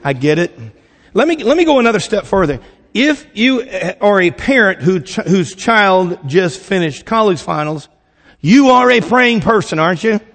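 A man's voice: high-pitched, animated, normal speed, a bit bright, big-room sound. A man preaching a casual, conversational sermon, asking the congregation questions and acting out little quoted voices. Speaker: pastor.

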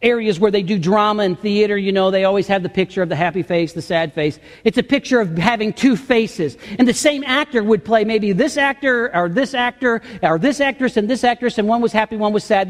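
A man preaching a sermon, swinging between emphatic raised passages and quiet dropped asides. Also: high voice, fairly quick, hardly any pauses, in a large hall. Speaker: pastor.

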